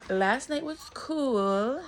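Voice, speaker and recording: A woman's voice: high-pitched, lively intonation, very slow, over loud music. Chatty, blunt young woman vlogger. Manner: chatty, blunt, swears freely, lots of "like". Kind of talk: casual vlog chat to camera.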